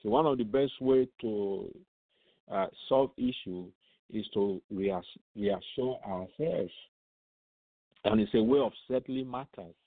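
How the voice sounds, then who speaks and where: Slow, low-voiced preacher on a tinny line. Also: male voice, dry recording. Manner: asks rhetorical questions and answers them, repeats words; reads scripture aloud with commentary. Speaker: radio Bible teacher. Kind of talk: radio Bible teaching. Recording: tinny phone-line sound, dry.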